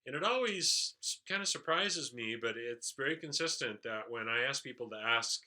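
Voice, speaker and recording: A man's voice: medium pitch, animated, normal speed, bright, forceful tone. A man leadership trainer giving an explanatory recap of a training session, with frequent "uh" fillers.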